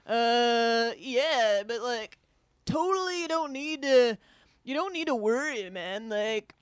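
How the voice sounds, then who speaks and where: A woman's voice: on the high side, expressive, takes it slowly, clear, resonant tone, no room sound, studio quality. A woman playing a laid-back male surf shop guy who drawls with lots of fillers in an improvised comedy sketch.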